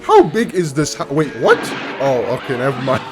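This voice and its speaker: Excitable man reacting to clips, lively up-and-down voice, unhurried delivery, music underneath. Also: fairly high pitch. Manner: excitable, frequent laughter and exclamations. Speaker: reaction video host. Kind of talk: casual reaction commentary. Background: cartoon clip audio and music.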